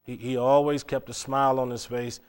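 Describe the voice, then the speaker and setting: A man's voice: medium pitch, level tone, normal speed, a little mellow, clean tone. A middle-aged man preaching a sermon, telling a long moral story with frequent stammered restarts.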